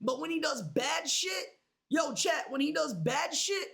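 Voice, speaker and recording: A man's voice: extremely high pitch, expressive, a little slow, vocal fry, bright, forceful tone. A man livestreaming, rambling casually and swearing a lot as he talks straight to his chat.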